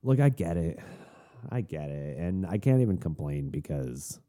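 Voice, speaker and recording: A young man from Florida rants casually on his podcast, swinging from loud, high bursts down to low mutters. His voice is low-pitched and mellow, and his stories wander through restarts and side comments. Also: normal speed. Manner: animated storytelling with frequent restarts and asides. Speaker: podcast host. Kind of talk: casual ranting monologue.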